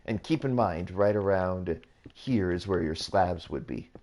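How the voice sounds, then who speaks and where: A man hosts his gaming channel, giving casual commentary on a build tutorial that's rambling and repetitive, with frequent self-corrections. His voice is low-pitched and a little mellow, and he takes an unhurried pace.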